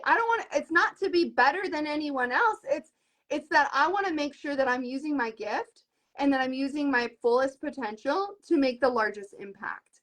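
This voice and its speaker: A woman's voice: high voice, normal speed. A woman in her thirties, a direct-sales team leader, talking earnestly and with animation in a live video conversation. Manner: earnest and animated, retells conversations in lively voices.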